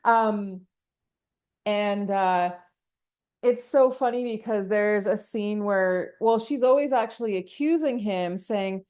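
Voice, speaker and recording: A woman hosting a solo podcast, talking casually and rambling, laughing often and acting out quotes with lively ups and downs. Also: mid-range voice, slow pace, clean tone. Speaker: podcast host.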